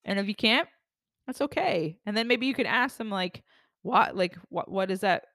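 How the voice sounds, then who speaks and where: A woman hosting a podcast in a casual spiritual self-help monologue, rambling and animated, casually swearing and acting out quoted voices. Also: mid-range voice, normal speed, no echo, studio quality. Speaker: podcast host.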